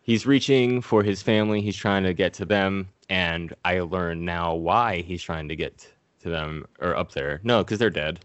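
Low-voiced man doing a crude movie recap. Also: steady tone, normal speed, hardly any pauses, clear, resonant tone, no room sound, muffled recording. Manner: profane, acts out characters in goofy voices. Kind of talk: casual comedic movie recap.

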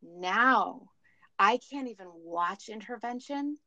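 A woman's voice: medium pitch, animated, slow pace, pushed and bright, no room sound, muffled recording. A woman calling in as a guest, telling her personal story in a candid, emotional and rambling way over the phone. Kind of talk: candid recovery story chat. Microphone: phone call.

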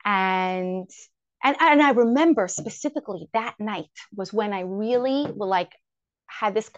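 A woman telling a personal story to a live audience, lively and acting out her own inner thoughts. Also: mid-range voice, measured pace, no echo, highs cut off. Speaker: guest speaker.

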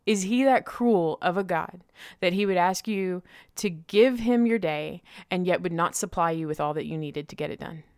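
A woman's voice: on the low side, moderate pace, a little mellow, smooth, no echo, studio quality. A woman co-hosting a faith-based podcast, talking in an emphatic, preachy, encouraging way. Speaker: podcast co-host.

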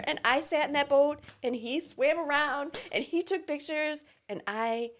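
A middle-aged woman in casual chat, telling a story in a lively way and laughing often. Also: high voice, unhurried, hardly any pauses.

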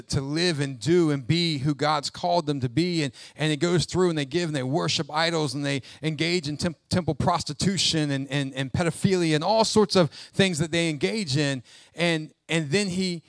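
A man, a pastor, preaching a sermon with emphatic swings between loud exhortation and hushed asides. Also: fairly high pitch, normal speed, no echo.

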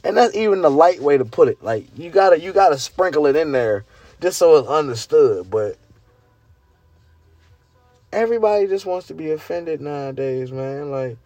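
A man, ranting casually and incredulously to his viewers, swearing and climbing high in pitch when worked up. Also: animated, moderate pace, mellow, no room sound. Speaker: vlogger. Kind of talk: casual rant to camera.

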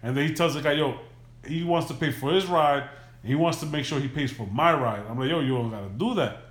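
Podcast host, male, loose profane storyteller with a slightly raised pitch, recorded in an echoey room. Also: a little fast. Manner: loose, profane, animated retelling. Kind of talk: casual storytelling.

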